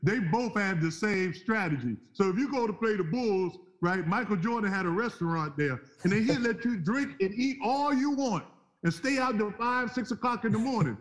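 Man, high voice, lively storyteller, voice jumps up when quoting himself. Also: normal speed. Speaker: former basketball player telling a story. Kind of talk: animated storytelling on a talk show.

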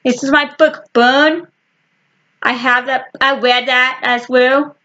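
A woman casually showing her book collection to the camera, talking in short halting fragments with frequent restarts. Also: high-pitched, steady tone, bright, forceful tone, highs cut off. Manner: slow and rambling. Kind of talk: casual chat.

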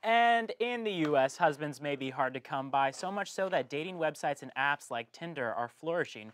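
A man's voice: on the high side, animated, moderate pace, fairly bright tone. Wry young man co-anchoring a spoof newscast. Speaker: student news anchor. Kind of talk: comedic scripted newscast. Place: studio.

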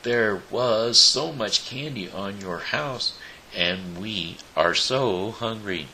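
A man's voice: deep voice, expressive, slow pace, gravelly, sharp tone, a little hiss or hum, pitched above the performer's own voice, full character voice, rough recording. A man voicing a polite, brave little girl in a storybook, speaking as sweetly as she can. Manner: sweet, pleading.

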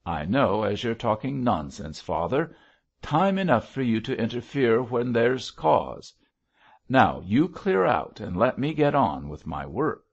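A man voicing a sharp-tongued young barmaid who answers in a snappy, defiant way, in a storybook reading. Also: medium pitch, very animated, measured pace, vocal fry, slightly rough, muffled recording, exaggerated voice.

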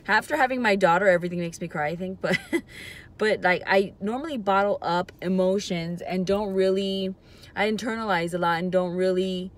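A woman vlogging from a parked car. She is emotional and close to tears, and she talks hesitantly, rambling and trailing off. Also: lowish voice. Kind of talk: casual confessional vlog. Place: parked car in a parking lot.

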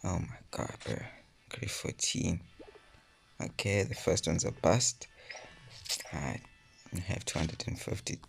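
Low gravelly young man ranting over a game. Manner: frustrated, swears a lot, drops to whispers. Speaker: mobile game YouTuber. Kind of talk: casual gaming vlog commentary.

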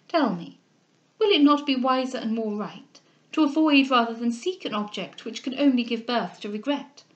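A woman reading the part of an older gentlewoman and mother, earnest and insistent, in a formal manner. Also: high voice, highs cut off.

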